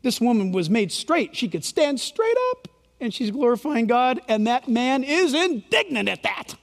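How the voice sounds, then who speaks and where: A man preaching a sermon in a church, animated and sarcastic, with fiery outbursts. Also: very high-pitched, measured pace, creaky, in a large hall. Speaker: pastor. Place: church sanctuary.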